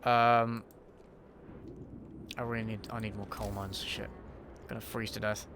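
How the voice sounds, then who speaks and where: A man's voice: lowish voice, little pitch movement, a little slow, background noise. A man hosting a casual livestream Q&A while he plays a game, answering chat in an offhand, sweary way and muttering to himself mid-game. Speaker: YouTube host.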